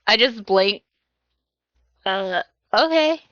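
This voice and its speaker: A woman plays in a tabletop game, answering in short, drawling replies. She talks very slowly, in a bright voice that sits a little high. The recording is dry and slightly dull. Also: lively intonation, no echo. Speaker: player. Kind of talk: tabletop role-play.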